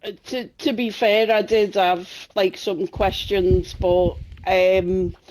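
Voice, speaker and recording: Slow-talking Scouse man. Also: high voice, flat delivery, darkish tone, a little hiss or hum. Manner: jokey, laughing often. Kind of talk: casual chat.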